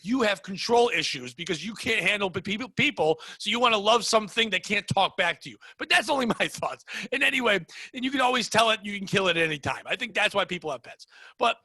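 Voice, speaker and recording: A man hosting a comedy podcast, telling a story as a profane, animated rant. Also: sits high, quick pace, no room sound.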